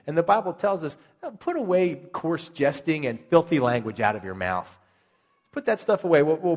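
A man's voice: on the high side, in a large hall. A male pastor preaching a sermon in a conversational way, asking rhetorical questions.

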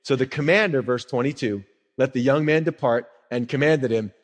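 A man preaching a sermon as a pastor, telling stories in a lively way and acting out the people in them. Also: mid-range voice, moderate pace. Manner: animated storyteller who acts out quotes. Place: church sanctuary. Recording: long reverb of a church hall.

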